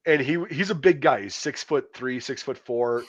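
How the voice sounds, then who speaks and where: A man's voice: medium pitch, moderate pace, no room sound. A middle-aged man hosting a casual chat, a former infantry soldier telling war stories bluntly and with constant profanity. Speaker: podcast host. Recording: dull, lo-fi dry recording.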